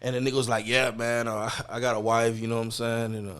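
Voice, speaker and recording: A man's voice: medium pitch, little pitch movement, fast, fairly bright tone, clean tone. Blunt, profane man telling street stories. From Texas. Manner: blunt, profane street talk with many fillers. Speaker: podcast guest. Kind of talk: candid storytelling interview.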